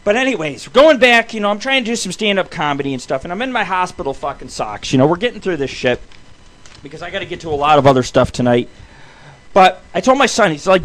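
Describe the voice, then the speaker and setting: Rambling, foul-mouthed middle-aged radio host. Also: male voice, high-pitched, sing-song, fast talker. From southern Nevada. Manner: rambling, swears constantly, loud and blunt. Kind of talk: casual profane monologue.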